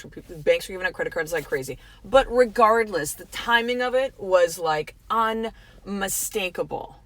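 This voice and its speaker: A woman's voice: mid-range voice, a bit bright. A middle-aged woman from Canada hosts a motivational podcast. She talks frankly and with emphasis, swears freely, and speaks straight to her listeners. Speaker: podcast host.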